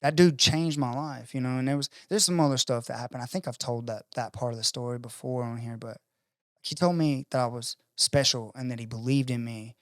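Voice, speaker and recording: A man spins a long personal story in relaxed podcast talk. He acts out the people in it and curses freely. His mid-pitched voice sounds close and dry, with no room echo. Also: brisk. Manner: animated storyteller acting out quoted voices, profane. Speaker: podcast guest. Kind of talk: casual storytelling conversation.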